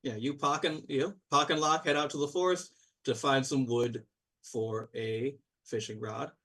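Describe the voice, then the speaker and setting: A man runs a tabletop game, narrating in a loose, rambling way full of fillers and restarts. His voice sits at an ordinary middle pitch. He sounds slightly distant from the microphone. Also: steady tone, normal speed, a bit bright. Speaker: game master.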